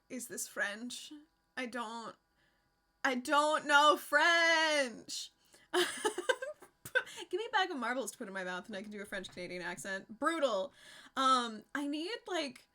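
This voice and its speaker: A woman talks casually to her live-stream viewers in a bright, forward voice that sits a little higher than most. She rambles from thought to thought, laughs often and swears without a second thought.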